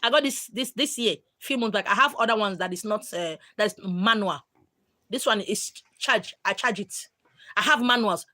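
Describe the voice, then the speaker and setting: A woman's voice: mid-range voice, moderate pace. A Nigerian woman hosting a live stream who tells stories candidly and animatedly, slipping into pidgin. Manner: animated, mixing in pidgin, acting out quotes.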